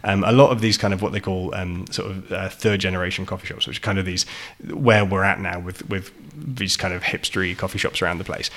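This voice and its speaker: Brief: English café owner, podcast guest, lower voice, rambling explainer with lots of ums. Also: male voice, fairly even intonation, brisk, fairly bright tone. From England. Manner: explains at length, with many fillers and restarts. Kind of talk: casual podcast conversation.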